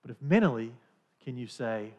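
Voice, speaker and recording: A man's voice: medium pitch, expressive, moderate pace, warm tone, muffled recording. A man in his thirties or forties preaching a sermon in a conversational, storytelling manner. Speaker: pastor.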